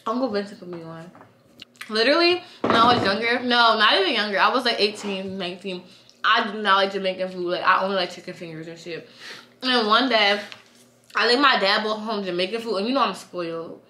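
A woman's voice: mid-range voice, a little fast, slight background noise. Chatty 22-year-old woman vlogger. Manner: chatty, slangy, animated storytelling. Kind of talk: casual diary vlog.

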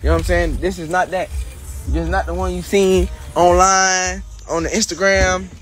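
A man talking in a casual vlog outdoors, excited and repetitive, filming himself on a phone. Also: high voice, moderate pace, faint music behind. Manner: excited, repetitive street talk. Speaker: vlogger.

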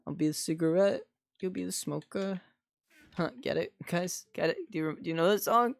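A man streams a game and chats casually with his viewers, rambling a lot and filling his speech with "like." His voice is on the high side and fairly quick, with vocal fry and no echo.

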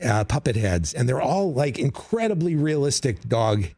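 A man, a comedy writer and guest, telling stories casually in a radio studio, animated, with quick asides and acted-out quotes. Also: mid-range voice, dry recording. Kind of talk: casual interview storytelling.

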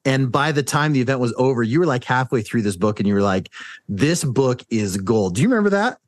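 A man's voice: mid-range voice, animated, rapid-fire, no room sound. A man co-hosting a podcast, upbeat and chatty, often restarting his sentences. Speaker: podcast co-host. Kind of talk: casual podcast chat.

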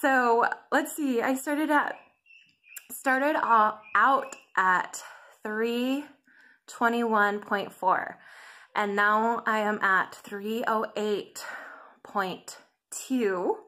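A woman's voice: on the high side, steady tone, very slow, sharp tone. A woman vlogger talking in a casual, gushing and emotional way to her viewers, laughing often. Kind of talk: casual weight-loss vlog.

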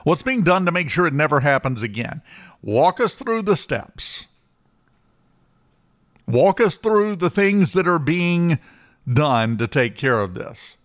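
A man's voice: fairly high pitch, big pitch swings, slow pace, long pauses, no room sound. A man hosting a talk radio show in a studio, delivering a blunt, sarcastic opinion monologue with emphatic repetition.

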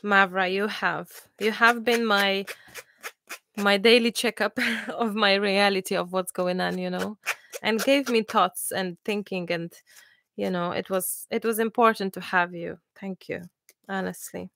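A woman in her thirties hosting a live crafting class, chatting and telling stories in a lively way with many restarts. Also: mid-range voice, a little slow, creaky, slight background noise. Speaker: crafting channel host. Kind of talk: casual chat during a live crafting class.

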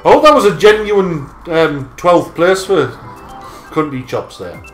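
A man's voice: fairly high pitch, animated, a little slow. A young Englishman, bantering crudely and dryly while playing a racing game online. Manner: dry, teasing and crude. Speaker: gamer and channel regular. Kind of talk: casual gaming banter. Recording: echoey room with loud game music.

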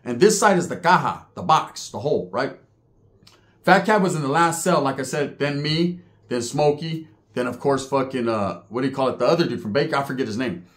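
Animated man telling a street story. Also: mid-range voice, brisk. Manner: street slang, animated retelling, mimics other inmates' voices. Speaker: podcast storyteller. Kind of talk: casual storytelling.

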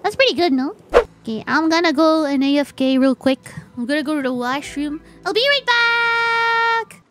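A woman streamer chatting casually while she plays a game, excitable and quick to gasp and squeal. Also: high voice. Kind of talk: casual gameplay chat. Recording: game music behind.

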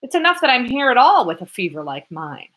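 A woman's voice: medium pitch, animated, unhurried, bright, forceful tone. A woman voicing a feverish young male student who talks back defiantly. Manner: defiant, raised voice.

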